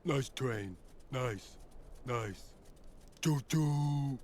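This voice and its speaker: An actor playing a dim-witted male thug in a video game, halting and repetitive. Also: mid-range voice, a little mellow. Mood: dull.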